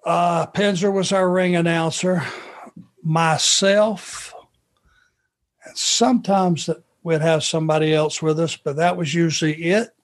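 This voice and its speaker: A middle-aged man from Georgia, a former wrestler telling road stories in a relaxed, anecdotal way. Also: fairly high pitch, measured pace. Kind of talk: podcast storytelling.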